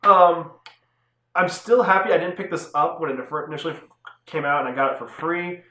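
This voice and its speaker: In an echoey room, a young man casually reviews comic books on his channel. His voice is a little high, fairly quick and fairly bright, and he talks loosely, full of fillers and restarts.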